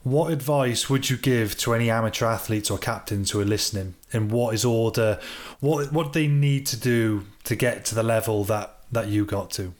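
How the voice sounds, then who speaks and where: A British man hosting a podcast, chatty and animated as he asks questions and tells stories. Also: on the low side, normal speed, hardly any pauses. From Britain. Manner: chatty, animated, acts out quotes. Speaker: podcast host. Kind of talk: casual podcast interview.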